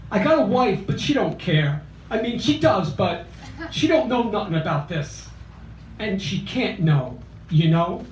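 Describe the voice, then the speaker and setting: A man's voice: high-pitched, animated, a little slow, a little hiss or hum. A man voicing a drunk, pleading married man in his late twenties with a South Philadelphia accent, pushy and urgent. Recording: roomy, distant cafe mic.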